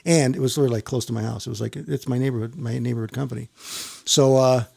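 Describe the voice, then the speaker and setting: A man's voice: medium pitch, steady tone, quick pace, vocal fry, mellow. A man who works as a firefighter, telling a long story in casual chat with many restarts and casual swearing. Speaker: firefighter guest.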